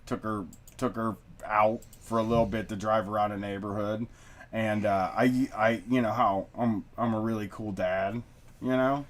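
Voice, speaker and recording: A man's voice: lowish voice, steady tone, moderate pace. Rambling, swearing middle-aged male host. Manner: loose, rambling, swears freely. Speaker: podcast host. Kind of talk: casual chat. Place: studio basement.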